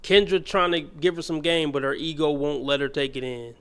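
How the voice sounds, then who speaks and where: A blunt male commentator with a fairly high voice. He talks down to the clips he plays, scornful and profane. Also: steady tone, normal speed, fairly bright tone, smooth. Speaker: host. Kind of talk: reaction commentary.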